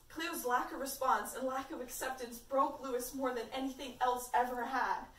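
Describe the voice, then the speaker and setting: A woman's voice: sits high, fairly even intonation, moderate pace, few pauses, fairly bright tone, slight background noise. A woman reading fan fiction aloud in a casual, amateur way, sometimes stumbling over words. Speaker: fanfiction reader. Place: room at a party. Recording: echoey room, mic far off, faint background sounds.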